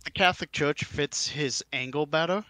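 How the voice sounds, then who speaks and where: A man co-hosting a podcast, chatting casually in a lively, wry way. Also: on the high side, normal speed, no room sound. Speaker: podcast co-host. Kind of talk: casual chat.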